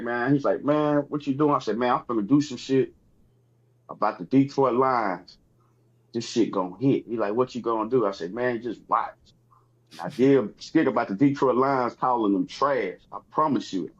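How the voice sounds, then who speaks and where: A man from Texas with a Texan accent, a comedian guest telling animated stories in casual chat and acting out other people's lines. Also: medium pitch, normal speed, breathy edge, muffled recording.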